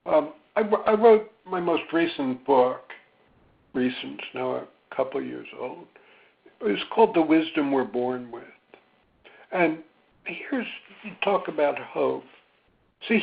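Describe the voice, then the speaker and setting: A man speaking as a psychologist in a webinar, gentle and reflective, with many ums and pauses. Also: on the high side, animated, gravelly. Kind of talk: slow, thoughtful webinar talk. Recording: tinny phone-line sound.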